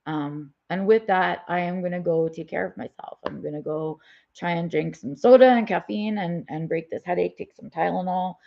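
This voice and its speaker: Her voice lowish and gravelly at normal speed, a vlogger live-streams a candid personal chat despite a migraine. She rambles, with fillers and restarts, over dull lo-fi audio.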